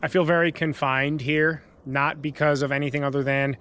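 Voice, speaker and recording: A man's voice: a little high, flat delivery, normal speed, slight background noise. A man filming a casual camping vlog, talking loosely with lots of fillers, outdoors and then from his truck. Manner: rambling, frequent fillers, grows hushed and frightened. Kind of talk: casual vlog talk to camera. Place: outdoors in wooded lot, later inside truck.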